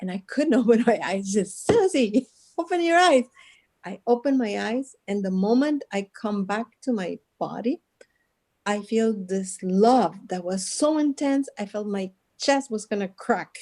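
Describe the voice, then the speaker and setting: Woman from Guatemala, interview guest, earnest storytelling, laughs often, mellow warm tone, middle pitch. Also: a little slow. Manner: earnest, with frequent laughs and restarts.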